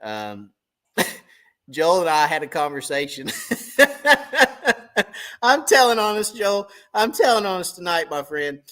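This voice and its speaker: A man's voice: fairly high pitch, big pitch swings, measured pace, fairly bright tone. A man who hosts a fishing channel, telling a story on a live stream and acting out both sides of a conversation. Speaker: tournament crappie angler and channel host.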